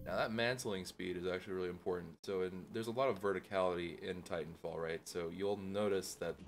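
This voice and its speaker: A man's voice: low-pitched, steady tone, brisk, over music. A young man hosting a gaming channel, giving casual, chatty gameplay commentary full of fillers and enthusiasm.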